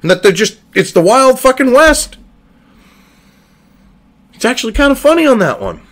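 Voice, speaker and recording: A man's voice: extremely high pitch, big pitch swings, moderate pace, fairly bright tone. A man giving heated, profane commentary from his computer desk, exasperated and cursing freely. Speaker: online political commentator. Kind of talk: ranting commentary.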